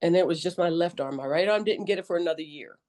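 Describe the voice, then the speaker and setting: Middle-aged woman, kinda low mellow voice, animated jokey storyteller on a podcast. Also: fast talker. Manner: animated, joking, colloquial storyteller acting out her own quotes. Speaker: podcast guest, army veteran nurse. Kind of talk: conversational interview storytelling.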